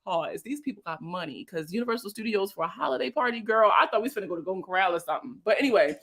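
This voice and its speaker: A young woman from Baltimore, USA, a financial educator with a Baltimore accent, hosts a money livestream, answering viewer comments in a loose, slangy, chatty style and greeting people by name. Her mid-range voice is expressive and a bit bright, and she talks very fast.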